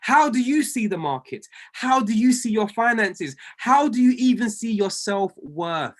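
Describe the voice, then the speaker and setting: A man's voice: high-pitched, lively intonation, a little slow. A man coaching a group of traders on a video call. He speaks with fervent conviction, repeats key lines for emphasis, and calls people by name. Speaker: trading coach.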